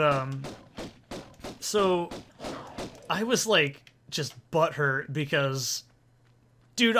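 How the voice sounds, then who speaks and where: A man's voice: fairly high pitch, sharp tone. A young man hosting a let's play, telling a long rambling story with lots of swearing while he plays. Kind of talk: casual gameplay commentary. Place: soundproofed home recording corner. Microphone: desk condenser mic with pop filter.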